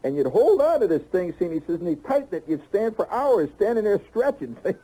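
A man's voice: high voice, very animated, brisk, dark tone, rough recording. A man telling a long comic story in a folksy, rambling way, full of asides and restarts.

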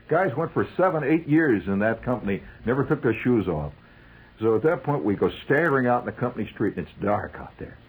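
A man telling a comic, wry story about army life, acting out the shouted calls. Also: medium pitch, husky, low-quality recording.

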